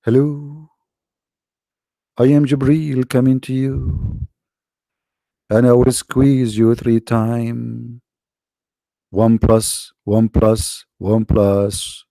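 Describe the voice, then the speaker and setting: A man voicing a male angel messenger who speaks slowly and solemnly. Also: mid-range voice, little pitch movement, creaky, warm tone, no room sound, studio quality. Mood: mock-solemn.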